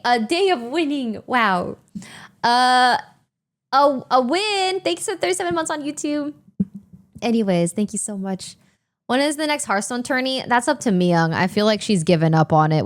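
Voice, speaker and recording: A woman livestreamer chatting casually with her viewers in an animated, emotional, talkative way. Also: fairly high pitch, normal speed. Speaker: livestreamer reading chat. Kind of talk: casual stream chat.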